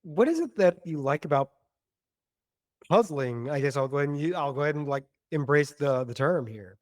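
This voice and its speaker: High-voiced teasing young man. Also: expressive, brisk, darkish tone, dry recording, studio quality. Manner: teasing, jokey, exaggerated reactions. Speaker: podcast co-host. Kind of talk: casual chat.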